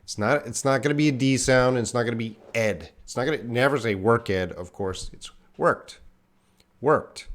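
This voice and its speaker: A man's voice: mid-range voice, normal speed. A man teaching English pronunciation in a live online class, drilling consonant sounds, asking viewers to repeat after him and reading names from the chat.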